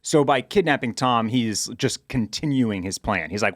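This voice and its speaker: A man's voice: medium pitch, animated, moderate pace, a bit bright, no echo, studio quality. A man co-hosting a podcast in casual chat, thinking aloud with stammered restarts. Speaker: podcast co-host.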